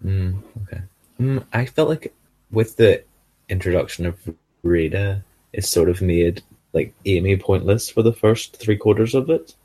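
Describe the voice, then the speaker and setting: A man co-hosting a casual chat about an episode, pausing to search for words. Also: low-pitched, warm tone. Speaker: podcast co-host.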